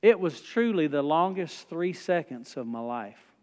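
A high-voiced man in his forties preaches with folksy storytelling. He swings between soft, low asides and loud, rising peaks. His voice rings with the long reverb of a church hall. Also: lively intonation, unhurried. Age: 40s. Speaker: pastor. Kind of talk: sermon with storytelling.

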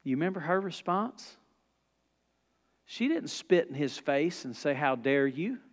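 A man's voice: on the high side, very animated, a little slow. A man preaching a sermon in a church, folksy and emphatic. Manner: folksy, emphatic, rising to loud exhortation. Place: church sanctuary. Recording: long church reverb.

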